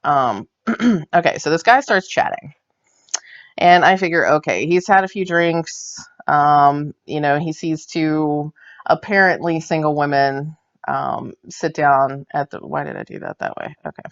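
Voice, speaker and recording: A woman's voice: low-pitched, unhurried. Chatty woman knitting vlogger, dull sound. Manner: chatty, tells anecdotes while knitting on camera. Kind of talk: casual storytelling chat.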